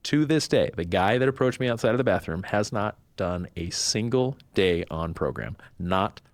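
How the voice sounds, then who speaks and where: A man's voice: lowish voice, moderate pace, dry recording. A man, a podcast guest, telling a personal story in casual chat and acting out the voices of the people he quotes. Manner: animated, acts out quoted voices.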